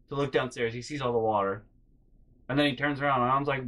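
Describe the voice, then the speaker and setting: A young man telling comedic personal stories in a rambling, animated way, with loud acted-out outbursts. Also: medium pitch, fairly quick. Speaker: storytelling vlogger.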